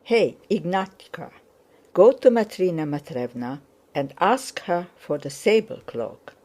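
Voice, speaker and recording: A woman's voice: on the low side, sing-song. A woman voicing a bold, commanding young officer. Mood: scheming. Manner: brisk, commanding, shouts orders.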